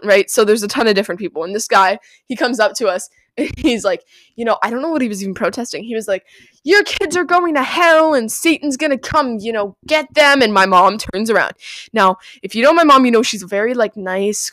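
A young woman hosting a casual solo podcast from her bedroom, chatty and profane, breaking into loud outbursts and laughter. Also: medium pitch, no room sound. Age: young adult. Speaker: podcast host.

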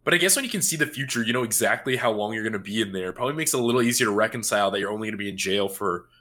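A man's voice: lowish voice, rapid-fire, pushed and bright. A man chatting casually about an anime, rambling with lots of fillers. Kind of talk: casual chat.

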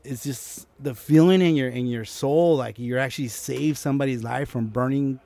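A young man, a guest in a casual interview, telling a personal story with lively acted-out quotes and frequent restarts. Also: medium pitch, moderate pace, vocal fry, no echo. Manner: animated, acts out quotes, many restarts.

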